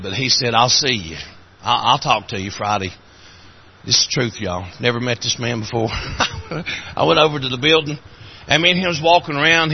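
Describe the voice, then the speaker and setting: Delivering a sermon in an Appalachian accent, this man spins folksy stories, and his voice rises and breaks whenever emotion takes hold. The sound is lo-fi with a bit of hiss or hum.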